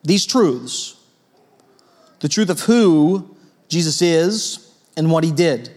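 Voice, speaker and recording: Animated pastor preaching a conversational sermon. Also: male voice, a little high, slow. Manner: conversational, animated storytelling with frequent "right?" asides.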